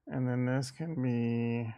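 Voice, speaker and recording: Slow, gravelly-voiced man from the Midwest. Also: mid-range voice, fairly even intonation, dark tone, muffled recording. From American Midwest. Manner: rambling, irreverent, thinking aloud. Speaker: crypto and stock market streamer. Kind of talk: casual livestream chat.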